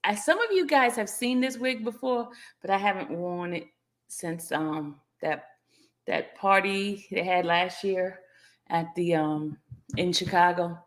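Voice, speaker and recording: A woman's voice: lowish voice, unhurried. Playful woman greeting her livestream viewers. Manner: laughs often while teasing the audience. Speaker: livestream host. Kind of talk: casual livestream chat.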